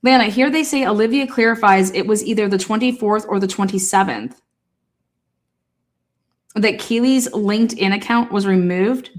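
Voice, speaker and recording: A woman talking through a case in a casual livestream, rapid, heated and full of swearing. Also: medium pitch. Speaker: true-crime commentator.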